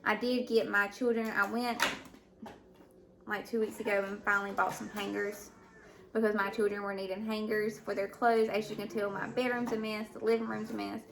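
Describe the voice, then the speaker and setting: A stay-at-home mom vlogging at home in casual chat, hesitant with many fillers and restarts, sounding overwhelmed and emotional. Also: female voice, mid-range voice, little pitch movement, normal speed, gravelly, noisy background. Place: at home indoors. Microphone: camera mic.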